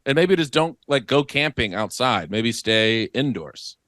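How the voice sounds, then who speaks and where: A man's voice: mid-range voice, animated, unhurried, fairly bright tone, no echo, clean studio sound. A man co-hosting a podcast in casual chat, jokey and profane, slipping into mock voices. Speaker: podcast co-host.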